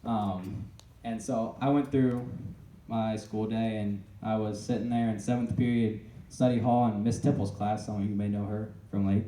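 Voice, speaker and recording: Earnest young man, dark and distant. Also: lowish voice, steady tone, a little hiss or hum. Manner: earnest and halting, often restarting sentences. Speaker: speaker telling his own story. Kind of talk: personal testimony to a live audience. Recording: echoey room, voice picked up from a distance.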